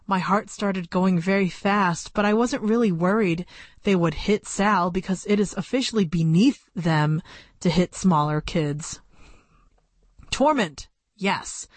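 Slow, measured woman narrating a story. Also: medium pitch, no echo. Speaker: audiobook narrator. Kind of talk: first-person audiobook narration.

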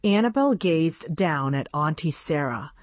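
Woman reader for a radio reading service; expressive storybook delivery with a lively, varied tone. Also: low voice, a little slow. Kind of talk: reading a children's book aloud.

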